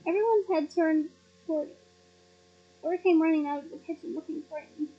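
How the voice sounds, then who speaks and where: Very high-voiced woman reading aloud. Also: fairly quick, dull audio. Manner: lively expressive reading with emotional asides. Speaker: audiobook reader.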